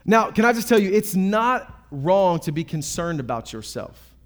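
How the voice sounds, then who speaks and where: High-voiced preaching man, emphatic. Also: sing-song, normal speed. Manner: emphatic preaching with repetitions and asides to the congregation. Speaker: pastor. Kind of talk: sermon.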